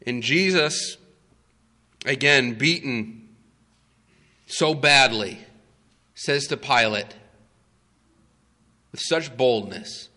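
A male preacher retelling a story in a sermon, dramatic and emphatic with long pauses. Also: mid-range voice, bright, forceful tone, big-room sound.

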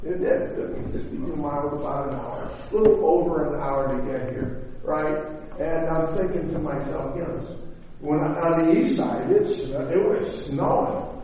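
A man preaching a sermon in a conversational way that rises to shouts. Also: on the high side, moderate pace, recorded from a distance. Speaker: pastor. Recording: echoey hall, dull sound.

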